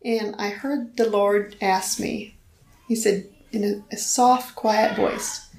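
A woman's voice: mid-range voice, fairly even intonation, slow pace, darkish tone, reverberant, a little hiss or hum, rough recording. A middle-aged woman earnestly telling a personal faith story in conversation, acting out the voices she quotes. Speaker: guest telling her story.

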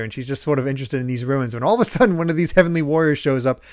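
A man hosting a casual chat podcast, recapping story events in an animated way and laughing often. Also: mid-range voice, very fast, no echo, studio quality. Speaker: podcast host.

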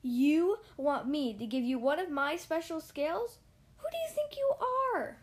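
A woman's voice: sits high, expressive, normal speed, darkish tone, voice pushed up. A woman playing a vain, proud boy fish from a picture book. The voice is lifted and raised, haughty and huffy. He sounds full of himself.

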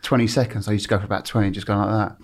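A man's voice: lowish voice, flat delivery, racing, husky. English man telling laughing anecdotes. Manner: laughs through his stories, swears freely, acts out voices. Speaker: guest, former football TV presenter. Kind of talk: anecdotal storytelling. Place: podcast studio.

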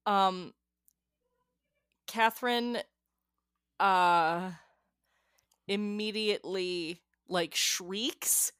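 A woman's voice: mid-range voice, steady tone, very slow, pauses often, a bit bright, clear, resonant tone, no room sound, clean studio sound. A woman player chatting casually at a tabletop game.

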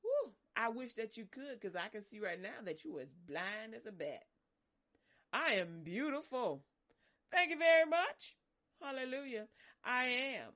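A woman preaching, her voice a touch high. She is animated and dramatic, swings between loud, soaring lines and soft, low ones, and acts out voices as she goes. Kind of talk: sermon.

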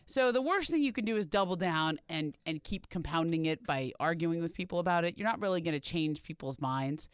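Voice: medium pitch, lively intonation, brisk, few pauses, clear, resonant tone, dry recording, studio quality. A sports commentator speaking casually, explaining points reflectively.

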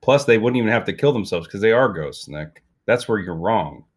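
A man co-hosting a comedy podcast, riffing through an absurd story in a rambling, animated way. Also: lowish voice, brisk, husky. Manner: rambling, animated, repeats himself. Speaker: podcast co-host.

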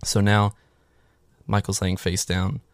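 Gravelly-voiced man recapping a film. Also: on the low side, flat delivery, slow pace, no echo. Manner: sarcastic, profane, rambling with many "like" fillers. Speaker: movie recap host. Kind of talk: casual spoken film recap.

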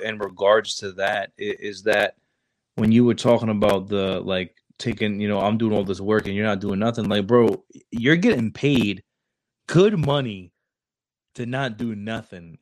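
A man's voice: lowish voice, no echo. A man, a Marine recruiter talking on a casual podcast, rambling and restarting his sentences often. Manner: rambling, with many restarts and stammers.

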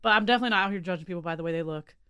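A woman's voice: on the low side, very fast, a bit bright, smooth. Chatty, enthusiastic young woman co-host. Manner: enthusiastic, chatty, swears casually. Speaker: podcast co-host. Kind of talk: casual chat.

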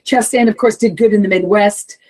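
A woman singer talking candidly in a casual interview, swearing freely and breaking into animated asides. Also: mid-range voice, a little fast, poor audio. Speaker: heavy metal vocalist, interview guest.

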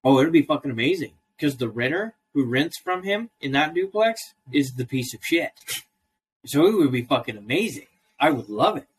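A man's voice: a little high, animated, moderate pace, slightly rough. A man on a casual podcast, ranting in a profane, storytelling way. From Idaho, US. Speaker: co-host.

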